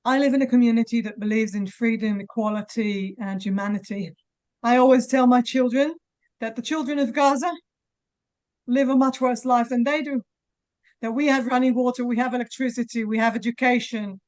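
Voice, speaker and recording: A woman in her forties giving halting, emotional testimony at a press conference, holding back tears. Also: a little high, steady tone, darkish tone. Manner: halting, with many restarts.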